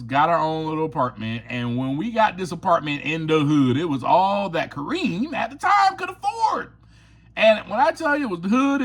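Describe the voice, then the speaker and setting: A man tells his own story on his podcast, candid and confessional, with laughter breaking in here and there. His voice sits a little high and swings widely in pitch as he talks. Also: a bit bright. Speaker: podcast host. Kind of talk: personal storytelling monologue.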